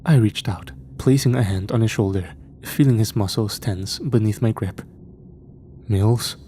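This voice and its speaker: A man narrating a scripted horror story at a slow, measured pace. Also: lowish voice, dark tone, slight background noise. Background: faint music.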